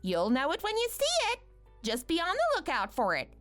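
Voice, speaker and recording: A woman voicing a scheming, rude young mother, speaking in a mocking, condescending and bossy way over soft music. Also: very high-pitched, huge pitch swings, moderate pace, pitched above the performer's own voice, full character voice. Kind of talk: animated story voice acting.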